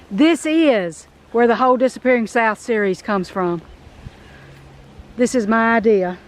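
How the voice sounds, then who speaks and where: A middle-aged woman with a Southern US accent, chatting folksy and emotional as she walks through an old house for her vlog. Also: on the high side. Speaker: vlog host. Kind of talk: casual vlog walkthrough. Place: outdoors at an abandoned house.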